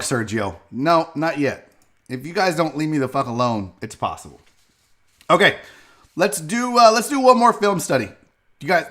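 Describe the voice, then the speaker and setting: A man hosting a live online sports and comedy show, his voice bright and sharp. His pitch swings widely as he rambles to viewers by name and swears freely. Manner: loud, profane and joking, often laughing and shouting while reacting to clips. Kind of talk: casual live-stream commentary.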